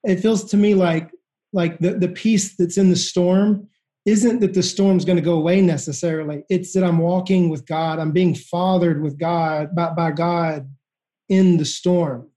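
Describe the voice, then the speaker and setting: A man on a prayer call thinking aloud in a soft-spoken way. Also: high-pitched, fairly even intonation, unhurried.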